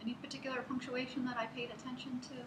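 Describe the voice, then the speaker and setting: A woman's voice: sits high, level tone, fast talker, noisy background. A woman teacher giving a one-on-one reading lesson, explaining things patiently, step by step. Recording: echoey room.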